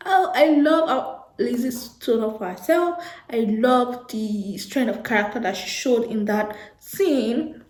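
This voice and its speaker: A woman's voice: a little high, unhurried. Gushing woman vlogger, echoey room. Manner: gushing, animated, repeats herself, laughs often. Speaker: book vlogger. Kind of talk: casual chat to camera.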